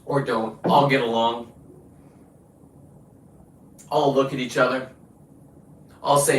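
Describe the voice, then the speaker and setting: A man's voice: medium pitch, fairly even intonation, takes it slowly, pauses often. Profane combative man in a roomy space. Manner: combative, boastful, swearing. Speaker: show host. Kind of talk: profane ranting monologue. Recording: roomy, distant from the mic.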